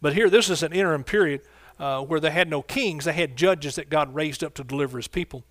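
A man's voice: on the high side, a little fast, a bit bright, dry recording, studio quality. A man preaching a sermon as pastor, fervent and exclaiming, calling out to his congregation. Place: church sanctuary.

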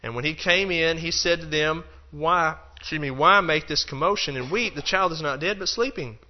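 A man's voice: on the high side, moderate pace, dull audio. A man teaching a Bible lesson in a loose, conversational way, acting out the quotes and dropping in plenty of fillers. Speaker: preacher.

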